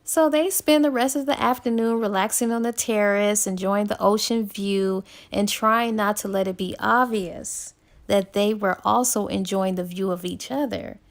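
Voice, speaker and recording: Chatty woman with a vocal-fry voice. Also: medium pitch, fairly even intonation, moderate pace. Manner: chatty, laid-back, full of ums and likes, quotes characters in passing. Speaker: book reviewer. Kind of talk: casual retelling of a novel's plot.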